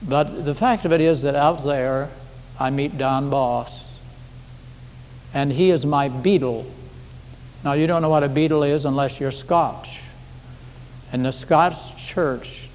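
A male pastor delivers a sermon in a relaxed, storytelling manner, his voice sitting a little higher than most men's. The recording carries the long reverb of a church sanctuary. A faint hiss runs underneath. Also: unhurried. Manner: folksy, conversational preaching with anecdotes. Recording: echoey hall with faint background hiss.

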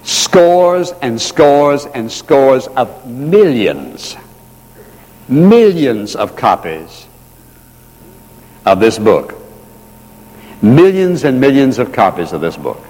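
A man's voice: medium pitch, big pitch swings, a little mellow. Man preaching, earnest, drags out the big lines and says them again, long echo from a big hall. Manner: earnest, slows down and repeats key phrases for emphasis. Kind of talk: sermon. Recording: long reverb of a large hall.

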